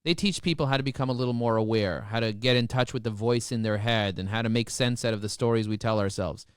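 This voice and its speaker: A man's voice: medium pitch, fast, clean tone, dry recording, clean studio sound. A man telling stories with great enthusiasm as a guest in a podcast interview. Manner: enthusiastic, excitable storyteller. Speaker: business guest.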